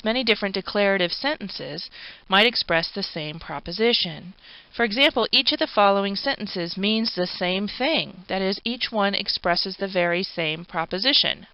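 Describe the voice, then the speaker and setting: A woman's voice: medium pitch, smooth, no echo. A woman giving a recorded philosophy lecture, explaining patiently with informal asides. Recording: dull, dry lo-fi recording.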